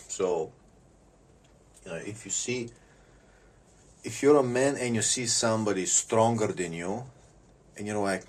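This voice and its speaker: Man, comedic rambling monologue, slow, husky, low voice, repeats words, clears throat. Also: distant mic.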